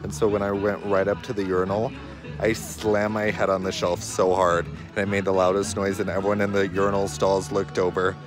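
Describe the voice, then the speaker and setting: A young man, chatting excitedly and giggling as he vlogs into a handheld phone outdoors on a ski lift at night. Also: low-pitched, a little fast, over music. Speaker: vlogger. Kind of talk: casual vlog. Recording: noisy outdoor phone recording.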